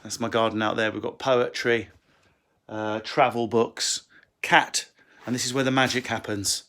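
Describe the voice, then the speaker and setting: This comedian's voice is male, mid-range, level and fairly bright. He's at home in a book-lined room on a phone, taking viewer questions in a laid-back livestream Q&A and cursing and joking in quick asides.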